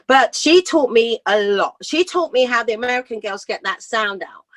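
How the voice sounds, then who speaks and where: A British woman in her fifties, a singer telling rambling, lively stories in a casual interview and laughing often. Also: on the high side, normal speed, dry recording. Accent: British English. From Britain. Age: 50s. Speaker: singer guest. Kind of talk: casual storytelling chat.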